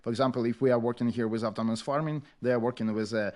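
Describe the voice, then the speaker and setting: A man from Ukraine with a Ukrainian accent, speaking English as a second language, talking earnestly and haltingly with many fillers as an interview guest. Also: mid-range voice, steady tone, a little mellow. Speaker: podcast guest, agriculture educator. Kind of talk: emotional interview talk.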